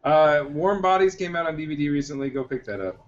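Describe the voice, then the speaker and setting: A man's voice: on the high side, fast talker, slight background noise. Man, casual podcast chat, rambling, dull lo-fi recording. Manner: rambling, retells scenes. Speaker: podcast co-host.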